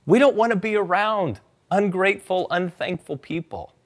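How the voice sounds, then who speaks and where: A man's voice: sits high, normal speed. A man preaching a sermon as pastor, talking conversationally and urging his listeners to join in and repeat scripture aloud. He is a parent. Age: adult parent.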